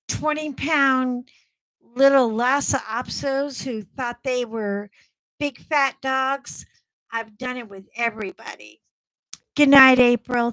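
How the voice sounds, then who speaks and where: A blunt, chatty middle-aged woman hosting a casual livestream, talking slowly and unhurriedly in a slightly high voice. She laughs easily and speaks straight to her viewers. The sound is dry and close. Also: a bit bright, no room sound, low-quality recording. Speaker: livestream host. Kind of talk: casual chat with live viewers.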